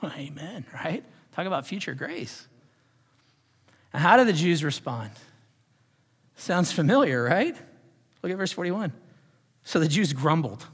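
A man's voice: on the high side, very animated, a little slow, long pauses, fairly bright tone, breathy edge. Earnest male preacher in a reverberant hall. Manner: questioning, earnest preaching with rising and falling emphasis. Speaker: pastor. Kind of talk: sermon.

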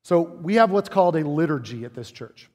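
A man's voice: on the high side, expressive, brisk, darkish tone, long reverb tail. A pastor in his forties preaching a sermon in a conversational, playful way, often asking the congregation rhetorical questions. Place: church sanctuary.

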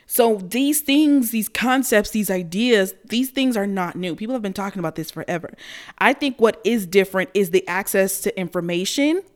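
A young American woman telling a personal story in a blunt, profane, animated way, laughing often. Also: medium pitch, normal speed. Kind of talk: candid storytelling.

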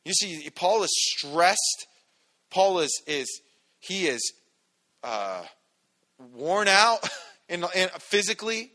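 Bright-voiced casual preacher man. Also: high-pitched, animated, slow pace, long pauses. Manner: casual, joking asides, many restarts. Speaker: pastor. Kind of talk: sermon. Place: church sanctuary.

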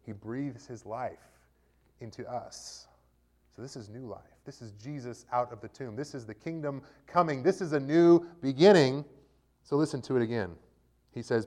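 A man preaching from the pulpit in a mid-pitched voice, reading scripture aloud. His loudness swells on the dramatic lines and sinks low for quiet side comments to the congregation. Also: normal speed. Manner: reads scripture aloud with lively rises and drops in loudness. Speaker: pastor.

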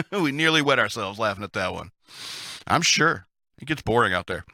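A man's voice: fairly low pitch, expressive, normal speed, vocal fry, pushed and bright, no echo, clean studio sound. A man hosting a casual storytelling session of Navy tales, who chuckles often and adds chatty asides. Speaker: host reading Navy stories.

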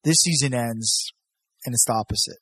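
A man chatting casually as a podcast co-host, animated and swearing freely, acting out quoted voices. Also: medium pitch, moderate pace, breathy edge, dry recording. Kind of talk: casual chat.

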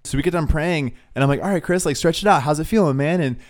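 A young man telling a faith story in a relaxed, casual way, with lots of "dude" and "like" as he talks. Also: a little high, quick pace. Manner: laid-back, says "dude" and "like" a lot. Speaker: podcast co-host.

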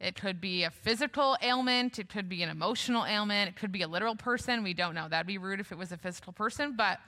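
Young female preacher, bright and forceful, conversational sermon delivery with light humor, reverberant church hall. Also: mid-range voice, fast. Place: church sanctuary.

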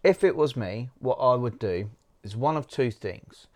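A man's voice: mid-range voice, expressive, a little slow. A man co-hosting a podcast, giving practical advice step by step. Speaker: co-host.

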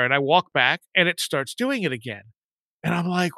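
A man in his forties telling a story in a casual chat, rambling and lively when he quotes his friends. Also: fairly high pitch, fairly quick, no room sound.

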